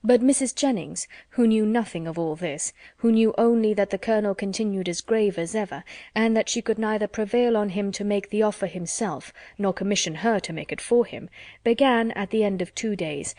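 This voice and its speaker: A woman narrating a classic novel as an audiobook in a measured, even reading. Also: medium pitch, dry recording, clean studio sound.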